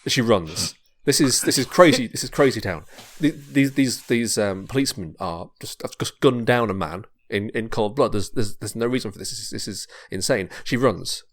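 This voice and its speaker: A man on a podcast, casually narrating a pitched story, rambling and repeating words. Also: normal speed, hardly any pauses. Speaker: podcast host.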